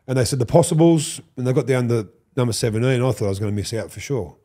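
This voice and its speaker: An Australian man in his fifties, a podcast guest, telling animated stories, swearing freely and acting out what others said. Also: medium pitch, racing. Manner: animated, swears, acts out quoted lines. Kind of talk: storytelling interview.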